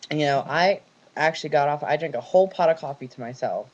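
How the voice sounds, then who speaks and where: A man's voice: on the high side, brisk, highs cut off, heavy background noise. A young man from California venting in a personal vlog, swearing heavily and talking in long run-on stories. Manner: ranting, heavy swearing, run-on storytelling. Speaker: vlogger.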